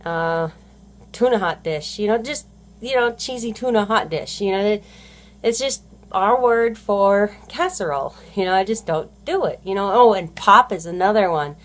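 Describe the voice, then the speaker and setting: With lively intonation and a medium pitch, a woman speaks at normal speed. She's a stay-at-home mom rambling through a casual vlog monologue, correcting herself as she goes and filling gaps with plenty of "you know".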